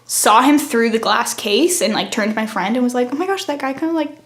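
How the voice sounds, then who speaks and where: A woman's voice: a little high, expressive, a little fast, a bit bright. A young woman co-hosting a student podcast, telling a long story in a casual chatty way with many fillers. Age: young adult. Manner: rambling storytelling with frequent fillers. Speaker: podcast co-host. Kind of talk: casual chat. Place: campus studio.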